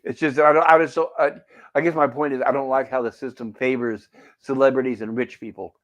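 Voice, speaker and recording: A man's voice: medium pitch, fairly even intonation, fast. A man chatting casually on a game stream, rambling, with many restarts and asides, reading out viewer comments.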